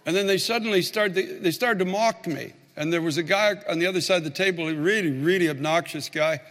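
A man's voice: high-pitched, fast, a bit bright, long reverb tail. A man, a pastor, telling a story in a sermon and building to fervent, emphatic preaching.

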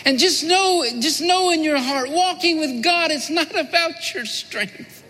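Earnest high-voiced pastor giving an altar call. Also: male voice, unhurried. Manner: earnest, repetitive, drops to a soft low voice. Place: church sanctuary. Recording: long church-hall reverb with music. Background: music playing.

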